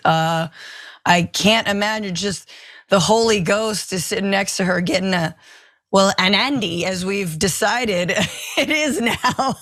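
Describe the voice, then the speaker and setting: A woman's voice: medium pitch, a bit bright, no echo, clean studio sound. A woman co-hosting a political commentary show, joking and laughing often as she talks. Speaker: co-host.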